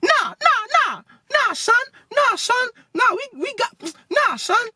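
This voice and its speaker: A man imitating a big, hotheaded young man with a squeaky, high-pitched voice. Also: big pitch swings, takes it slowly, pushed and bright, no echo, exaggerated voice. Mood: threatening. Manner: hyped, threatening.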